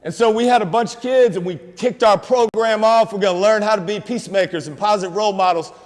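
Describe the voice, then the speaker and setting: A man speaks to a student assembly in a high, carrying voice. He preaches in a streetwise way and keeps calling out to the crowd. His voice rings with the long reverb of a big auditorium. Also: fast talker. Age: 50s. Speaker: motivational speaker. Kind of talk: inspirational school assembly talk. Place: school auditorium.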